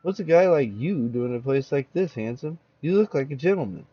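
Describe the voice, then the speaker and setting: A man's voice: fairly high pitch, expressive, brisk, mellow, breathy edge, no room sound. A flirtatious barroom woman as a man puts her on coaxes and teases. The sound is dull and lo-fi. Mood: teasing. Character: flirtatious woman in a seedy bar.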